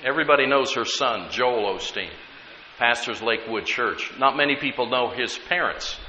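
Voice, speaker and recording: A bright, piercing male pastor preaches with emphatic stress, dragging out key words and repeating lines. His voice rings through a roomy hall with a long reverb tail. The recording is dull and lo-fi, with a faint hiss underneath. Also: medium pitch, normal speed. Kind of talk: sermon.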